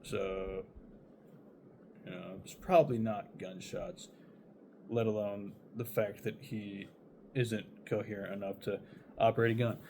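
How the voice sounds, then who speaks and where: A man's voice: on the low side, little pitch movement, measured pace, vocal fry, long pauses, a little mellow, slight background noise. Rambling young man telling a wild story. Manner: rambling, swearing, laughing between thoughts. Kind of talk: casual storytime.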